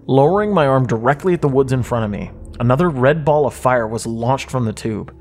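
A man reads a horror story at a middle pitch, measured and suspenseful. His delivery stays steady and drawn out, with a faint hiss behind it. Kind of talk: scripted creepypasta narration.

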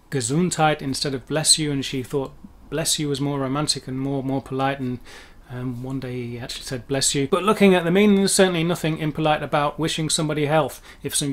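Wordy, higher-pitched man explaining words. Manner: careful, wordy explanations with frequent asides. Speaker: language teacher. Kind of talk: educational explainer.

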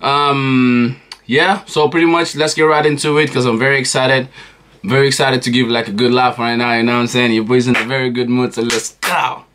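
A man's voice: medium pitch, level tone, brisk, a bit bright, slight background noise. A young man hosting a reaction vlog, chatting casually and rambling with lots of filler asides. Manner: rambling, keeps saying "you know what I'm saying". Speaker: reaction channel host.

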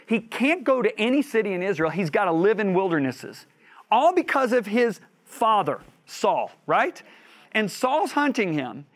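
A man with a notably high voice teaches a Bible lesson through lively storytelling. He acts out the voices of the people in his stories and drives his points home by repeating phrases. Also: unhurried. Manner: animated storyteller who acts out quoted voices; builds emphasis by repeating phrases.

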